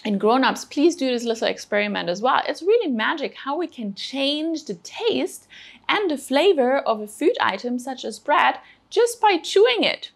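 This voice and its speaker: Gravelly-voiced woman teaching kids about food. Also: high voice, sing-song, normal speed. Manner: encouraging, patient, explains step by step. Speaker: children's cooking show presenter.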